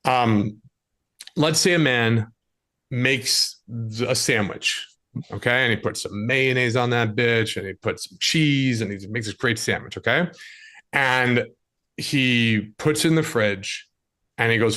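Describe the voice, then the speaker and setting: Here the dating coach talks a little slowly, his medium-pitched voice sharp in tone. He's a guest on a casual podcast, offering straightforward relationship coaching and dramatizing situations with quoted voices.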